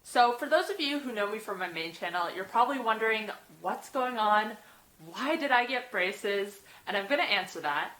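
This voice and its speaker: A woman's voice: mid-range voice, lively intonation, moderate pace, a bit bright, roomy sound, poor audio. Young woman vlogging with a slight lisp. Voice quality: slight lisp from new braces. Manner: nervous, sighing and laughing between phrases. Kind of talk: casual vlog talk to camera.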